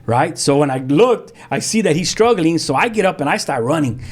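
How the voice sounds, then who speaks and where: A man, a pastor telling his own story as a guest in lively, vivid storytelling with street slang and sound effects. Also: a little high, a little fast, husky. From South Central Los Angeles. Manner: frequent restarts, street slang. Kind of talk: animated storytelling.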